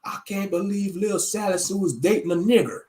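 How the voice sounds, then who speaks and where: A man's voice: high voice, fairly quick, darkish tone, natural voice. A man voicing a disapproving, bigoted old grandfather who scolds indignantly. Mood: scolding.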